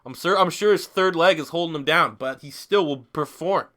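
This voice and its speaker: Slightly buzzed from beer, a twenty-something gaming YouTuber rambles, swears and jokes while live-streaming a football game. He speaks at normal speed in a fairly high voice that sounds pushed and bright.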